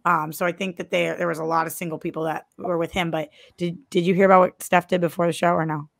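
A woman co-hosting a podcast in casual chat, telling a story in a lively, animated way. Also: on the low side, quick pace, gravelly, no echo, clean studio sound. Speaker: podcast co-host.

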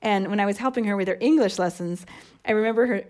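This is a woman from the United States in her thirties, talking in a relaxed, conversational way. She explains things eagerly, working through examples as she goes. Her voice sits in a middle pitch for a woman. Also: quick pace. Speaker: podcast co-host and mother. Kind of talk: casual chat.

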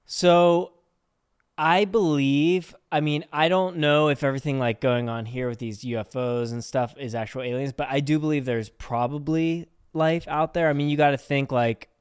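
A man's voice: a little high, steady tone, moderate pace, smooth, dry recording, clean studio sound. A young adult man co-hosting a podcast in casual chat, easygoing and rambling as he explains. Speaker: podcast co-host.

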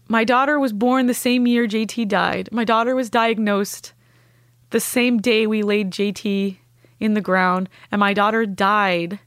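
A woman, a podcast guest, telling a deeply personal story in an earnest, heartfelt way and with strong conviction. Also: no room sound, studio quality.

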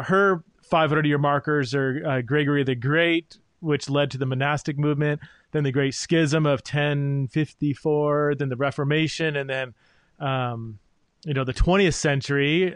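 A man's voice: fairly high pitch, steady tone, moderate pace, clean tone, no echo. A man hosting an interview podcast, laying out his thoughts in a reflective way with frequent fillers. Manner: thoughtful, many fillers and restarts. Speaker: podcast host. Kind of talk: interview conversation.

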